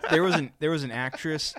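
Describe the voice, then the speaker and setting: A man's voice: fairly high pitch, very animated, normal speed, fairly bright tone, dry recording, studio quality. A man co-hosting a podcast, rambling and laughing, with casual swearing. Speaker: podcast co-host. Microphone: studio microphone.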